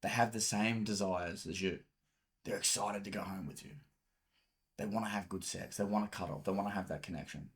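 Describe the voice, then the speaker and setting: A man's voice: on the low side, fairly even intonation, a little fast. Blunt, swearing male dating coach. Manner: blunt, swears freely, explains with acted-out examples. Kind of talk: casual coaching talk.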